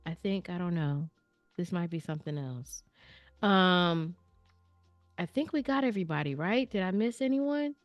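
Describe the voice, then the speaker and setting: On her live stream, a woman looks over her viewers' artwork and banters with them in a direct, slangy, playful manner. Her voice is on the low side and animated, at a normal speed, and the dry recording has faint background music.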